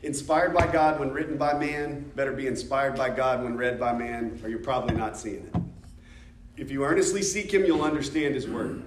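A man's voice: mid-range voice, moderate pace, background noise. A man with an American accent teaching a church discipleship class in a conversational way, asking the class questions and joking. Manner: conversational, asks the class questions, jokes and laughs. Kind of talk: informal teaching talk. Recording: echoey room from a distance.

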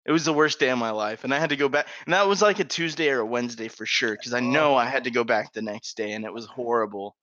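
This podcast co-host speaks fast at a medium pitch, hardly pausing, his voice a bit bright. Laid-back and profane, he casually recounts a school story while laughing through it, captured in a dry, slightly dull recording.

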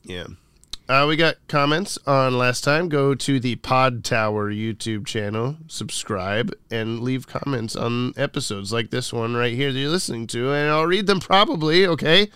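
A man's voice: mid-range voice, moderate pace, pushed and bright, smooth, no room sound. A man co-hosting a podcast in a casual chat, reading listener comments aloud and laughing often. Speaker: podcast co-host.

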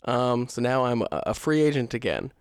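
A young man co-hosting a podcast in casual chat, relaxed and rambling, with many fillers and restarts. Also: medium pitch, normal speed, clean tone, dry recording, clean studio sound. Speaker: podcast co-host.

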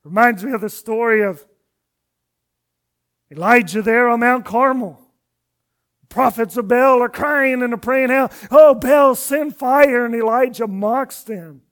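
A man with a high-pitched voice delivers a sermon, retelling scripture passages with dramatic readings of each character. His phrases often sink to a soft, low finish before the next line lifts again. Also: measured pace, long pauses. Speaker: pastor. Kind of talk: expository sermon.

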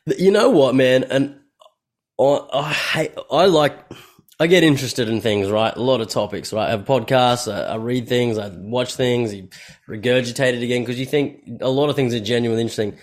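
A man's voice: mid-range voice, a little fast. A man hosting a podcast in casual chat, rambling and swearing as he thinks aloud. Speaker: podcast host.

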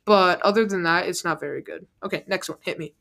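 A woman's voice: lowish voice, fast, gravelly, a bit bright. A woman playing a casual guessing game as the contestant, joking and laughing as she talks. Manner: playful, jokey, laughs often.

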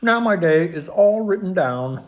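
A reader voicing a fussy, anxious male toad in a storybook read-aloud, pitched high and crying out in alarm. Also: measured pace, close to an everyday voice. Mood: pleased. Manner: excitable, cries out in high alarm.

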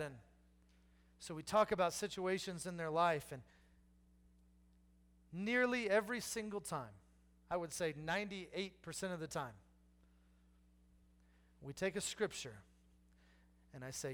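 A man's voice: high-pitched, animated, a little slow, long pauses, fairly bright tone. A man, preaching a sermon with humor, repeating key lines and acting out people in the story. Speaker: pastor.

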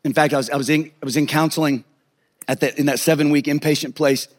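Animated storytelling male pastor. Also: a little high, quick pace. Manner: animated, humorous storyteller acting out scenes. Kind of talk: sermon storytelling.

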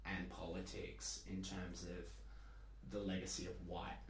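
A man's voice: low voice, monotone, unhurried. A young Australian man, a podcast guest, explaining things thoughtfully with a wry edge. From Perth, Australia. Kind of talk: casual podcast chat. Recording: echoey room, light hiss.

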